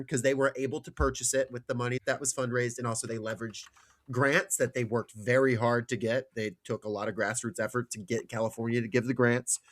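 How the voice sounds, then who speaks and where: A man's voice: medium pitch, dry recording, clean studio sound. A man from Georgia hosting a podcast, talking politics and news in casual chat with an earnest, wry tone. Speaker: podcast host.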